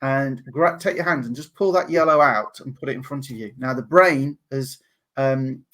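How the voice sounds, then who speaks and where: An English man talking as a podcast guest, animated and laughing often as he acts out other people's voices. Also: mid-range voice, moderate pace. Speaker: guest, NLP practitioner. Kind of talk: podcast interview.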